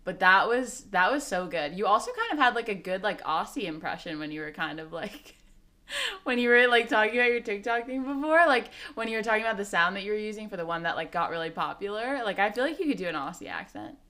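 A woman's voice: medium pitch, lively intonation, fast talker, bright, forceful tone. A woman hosting a casual interview, enthusiastic and full of fillers. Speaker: host.

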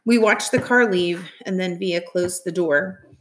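Brief: woman teacher narrating a novel for a class, steady and even. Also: fairly low pitch, a little slow, slight background noise. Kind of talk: reading a novel aloud.

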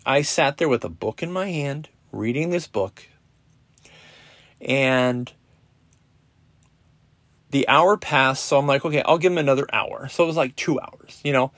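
A middle-aged man hosting a podcast, telling a personal story in a casual, profane, animated way with lots of quoted dialogue. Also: mid-range voice, a little slow, no room sound. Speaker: podcast host. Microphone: podcast app recording.

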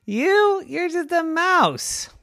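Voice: very high voice, sing-song, drawn-out words, gravelly, bright, forceful tone, no echo, clean studio sound, voice pushed up, heavily acted. A storyteller voicing a mocking iguana in the stands who scoffs at a mouse. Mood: scoffing. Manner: scoffing, incredulous.

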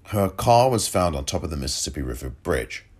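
A man hosting a solo commentary podcast, emotional and halting, often repeating himself. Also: very deep voice, sing-song, darkish tone, husky. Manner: emotional, halting, repeats himself, audibly moved to near tears. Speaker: podcast host.

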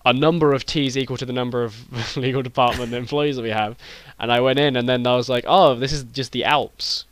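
Fast-talking British man, deadpan rambling. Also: medium pitch, clean tone. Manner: rambling, deadpan storytelling with frequent restarts. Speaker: podcast co-host. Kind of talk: improvised comedy chat.

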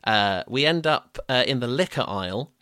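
Young man co-hosting a review podcast, crisp bright tone, dry close mic, lots of restarts. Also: mid-range voice, animated, moderate pace, no room sound. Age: young adult. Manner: chatty, stumbling restarts, frequent laughs. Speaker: podcast co-host reviewing a film. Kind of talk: casual chat.

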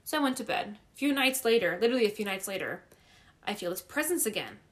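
A young woman in casual chat, telling a story in an animated way, swearing constantly and laughing often. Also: mid-range voice, quick pace.

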